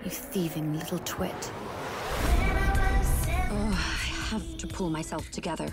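Glamorous, ruthless hedge fund manager; cool, self-assured film trailer delivery. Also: female voice, lowish voice, measured pace, over loud music. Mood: rattled.

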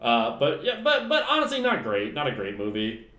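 With huge pitch swings and a pushed, bright mid-range voice at a moderate pace, a man co-hosting a podcast rambles through casual film chat. He swears frequently and laughs a lot, and the sound has a roomy echo.

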